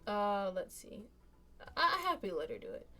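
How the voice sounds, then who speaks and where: A woman's voice: medium pitch, big pitch swings, moderate pace, sharp tone. A woman streamer casually narrating a story game, reading the text aloud and chatting between passages.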